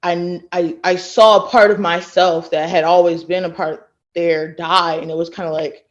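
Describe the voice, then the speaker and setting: With a fairly low pitch and steady, normal pacing, this late-20s Texan guest, once a college thrower, brings her anecdotes to life by voicing the people in them. It's a casual podcast interview recorded in flat, low-quality sound.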